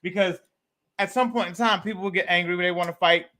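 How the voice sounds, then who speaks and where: Casting: male guest, very bright piercing tone, earnest rambling talker. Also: sits high, fast. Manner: earnest, rambling, repeats words. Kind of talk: casual chat.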